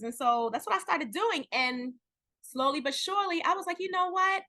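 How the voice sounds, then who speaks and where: A woman, an actress, chatting candidly in an interview, telling stories with lively acted-out quotes and at times close to tears. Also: extremely high pitch, moderate pace. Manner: animated storytelling, acts out quoted dialogue, near tears at times. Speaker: guest actress.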